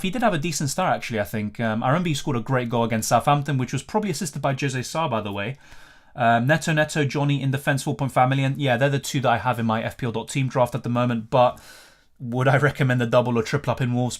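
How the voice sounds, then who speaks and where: A man hosting a live fantasy football Q&A stream, chatting casually, thinking aloud and answering viewer comments. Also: medium pitch.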